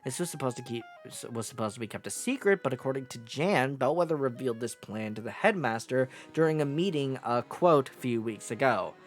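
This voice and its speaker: A woman's voice: extremely low pitch, lively intonation, brisk, few pauses, soft background music. Chatty, self-mocking woman streamer. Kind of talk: casual gameplay commentary.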